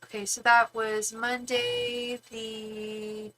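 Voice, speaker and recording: A woman's voice: fairly high pitch, level tone, very slow, sharp tone, a little hiss or hum, low-quality recording. A woman tarot reader on a live stream, chatting casually and affectionately with viewers, with lots of fillers.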